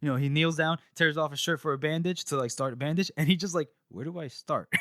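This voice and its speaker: Animated man retelling a story. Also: fairly high pitch, brisk, dry recording, studio quality. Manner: animated, laughing, acting out lines. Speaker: podcast co-host recapping a book chapter. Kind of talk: casual chat.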